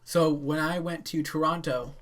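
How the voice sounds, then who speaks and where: A woman co-hosting a casual podcast chat, telling a story in a halting, apologetic way with giggles. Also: sits low, steady tone, very noisy. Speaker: podcast co-host.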